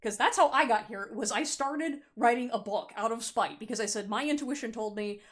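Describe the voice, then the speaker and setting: A woman with a fairly high voice gives a pick-a-card tarot reading straight to camera. She is animated and playful, blunt with her viewers, and often laughs. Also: normal speed, hardly any pauses. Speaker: tarot reader.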